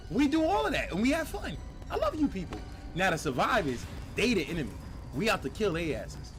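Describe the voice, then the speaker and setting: A man streaming a game, talking in animated, profane, rambling banter. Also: sits high, a little fast. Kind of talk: casual gaming stream talk. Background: faint game music.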